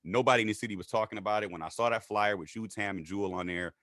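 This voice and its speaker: A man telling his story in a casual interview, animated and acting out what others said in raised voices. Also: racing, no echo, clean studio sound. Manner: animated, acts out quotes in high voices. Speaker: guest.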